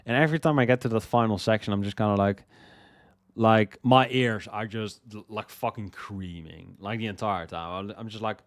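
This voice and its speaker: Smooth, dry-voiced man rambling about music. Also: on the low side, normal speed, no echo. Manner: rambling, repeats words, swears freely, excitable. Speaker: music list host. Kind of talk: casual music commentary.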